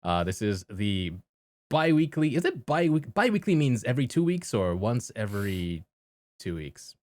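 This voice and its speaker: A man's voice: mid-range voice, big pitch swings, normal speed, a little mellow, no room sound. A man hosting a casual podcast, chatting loosely with plenty of fillers and laughs. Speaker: podcast host.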